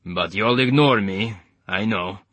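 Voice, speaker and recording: A man voicing a big, bald male medic with a thick Eastern European accent, calm and matter-of-fact. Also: fairly low pitch, unhurried, no room sound. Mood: solemn.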